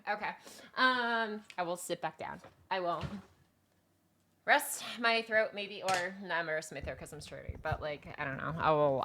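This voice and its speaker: Giggly, bright-voiced woman streamer. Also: on the low side. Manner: giggly, self-conscious, rambling with many fillers. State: strained voice. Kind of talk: casual live-stream chat.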